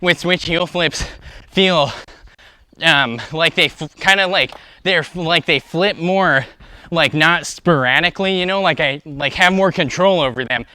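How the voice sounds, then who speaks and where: A young man chats through his skateboarding livestream with a bright, tense voice pitched a little high. He rambles, full of fillers, upbeat and a bit out of breath. The sound is dry and close. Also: unhurried, no echo. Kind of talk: casual livestream chat while skateboarding. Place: outdoors skating.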